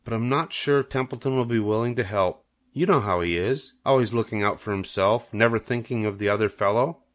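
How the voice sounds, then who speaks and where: A man's voice: on the low side, a little fast, natural voice. A man reading aloud and voicing a wise, kind female spider with a lifted, tender delivery.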